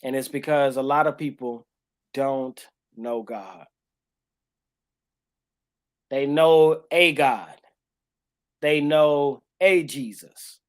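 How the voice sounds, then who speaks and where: A man co-hosting a faith podcast, sharing an emotional testimony in casual talk, swinging from loud bursts to hushed lines and breaking into tearful laughter. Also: medium pitch, steady tone, extremely slow, pauses often, smooth. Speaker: podcast co-host.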